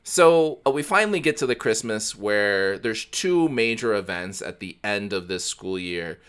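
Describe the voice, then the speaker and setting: A man's voice: on the low side, a little slow, clear, resonant tone. A man co-hosting a podcast, recapping a film in casual chat and slipping into mock voices. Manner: animated storyteller, does mock voices. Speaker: podcast co-host. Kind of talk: casual movie discussion.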